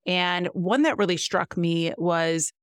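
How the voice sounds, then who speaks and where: A woman's voice: lowish voice, slow, no echo, clean studio sound. A woman hosting a podcast, upbeat and chatty as she introduces her guest and asks questions. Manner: upbeat, chatty with filler words. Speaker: podcast host. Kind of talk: interviewing a guest.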